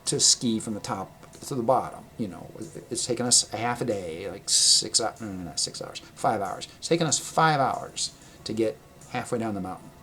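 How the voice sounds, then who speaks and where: A man casually telling a personal travel story, rambling and correcting himself, laughing often and getting animated when he quotes people. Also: fairly low pitch, normal speed, a little hiss or hum. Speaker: vlogger.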